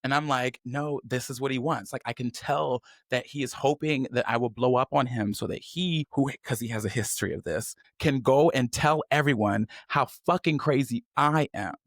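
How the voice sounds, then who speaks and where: A man hosting a podcast, telling a personal story in candid chat and acting out the people he quotes with sudden high voices. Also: moderate pace, hardly any pauses, no room sound, studio quality. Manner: animated, swings into high mocking voices when quoting. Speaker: podcast host.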